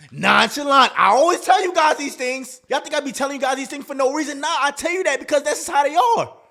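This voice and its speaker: A man's voice: very high-pitched, lively intonation, fairly quick, creaky, sharp tone. A man hosting a dating advice talk, in a casual, slangy monologue that acts out quoted lines.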